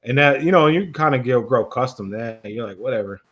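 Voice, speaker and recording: A man's voice: medium pitch, animated, fast, fairly bright tone, lo-fi sound. A man from the Detroit area hosting a casual podcast chat, telling stories with lots of laughter and swearing. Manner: storytelling, laughs often, swears freely. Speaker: podcast host.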